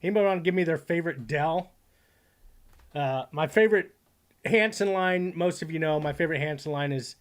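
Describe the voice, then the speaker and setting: A man's voice: on the high side, fairly quick. A man streaming live, reacting to clips with rambling, profane commentary and reading chat aloud.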